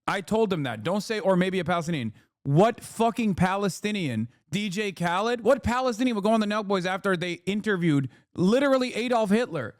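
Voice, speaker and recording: A male host on a live stream, reacting with emphatic, profane outrage. His voice sits a bit high for a man, and the sound is dry and close with no room echo. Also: expressive, a little fast, few pauses. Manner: heated, profane, emphatic, rhetorical questions.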